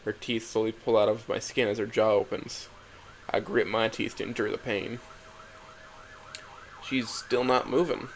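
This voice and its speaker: A young man narrates a first-person story in a low voice with a gravelly edge. His delivery is quiet and introspective, halting between phrases. A faint background hiss sits under the recording. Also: flat delivery, low-quality recording. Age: young adult.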